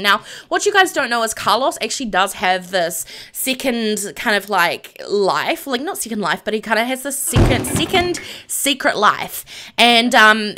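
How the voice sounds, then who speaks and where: A woman's voice: medium pitch, sharp tone. Bubbly young woman narrating a stream. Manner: bubbly, giggly, full of "like" and "um". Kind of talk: casual live-stream narration of a life-sim game.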